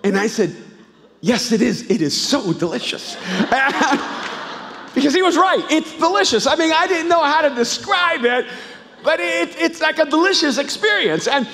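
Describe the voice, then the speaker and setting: A man preaching a sermon as a pastor, telling stories in an animated way that swings from hushed to loud. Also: extremely high pitch, normal speed. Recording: live church hall reverb.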